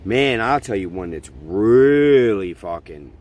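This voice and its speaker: A man's voice: fairly low pitch, expressive, slow, a little mellow. A middle-aged man hosting a podcast, delivering a blunt, profane opinion monologue in a ranting manner. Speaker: podcast host.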